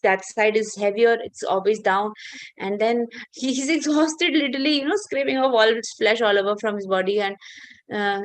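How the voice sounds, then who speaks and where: A woman's voice: on the high side, no echo. A woman teacher telling a fable to children on a video call, patient and coaxing. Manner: patient, coaxing, many fillers. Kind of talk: online class storytelling for children.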